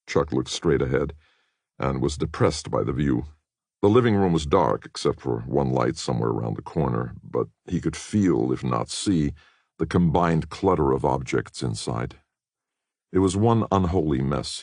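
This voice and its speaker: A man narrates an audiobook in a measured, expressive way. His very low voice is gravelly and husky and moves lively up and down. The recording is close and dry. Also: no echo. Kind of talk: scripted narration.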